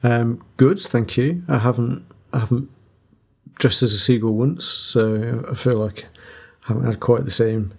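A man's voice: mid-range voice, measured pace, gravelly, breathy edge. A man hosting a podcast in easygoing, self-deprecating casual chat. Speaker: podcast host.

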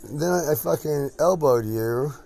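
A man's voice: a little high, unhurried, creaky, a little mellow, husky. A man hosting a casual podcast chat at home, crude and joking, rambling from one thing to the next. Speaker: podcast host.

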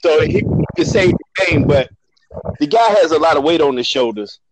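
A man with a fairly high voice chats loosely about basketball, padding his points with fillers. Faint noise sits behind him. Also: lively intonation, moderate pace. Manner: loose, many fillers like "you know" and "I mean". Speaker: panelist. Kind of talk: casual sports debate.

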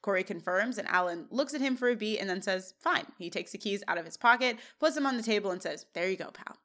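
A fast-talking woman with a mid-range voice co-hosts a podcast, casually going scene by scene through a TV episode. She recounts it animatedly and laughs a lot.

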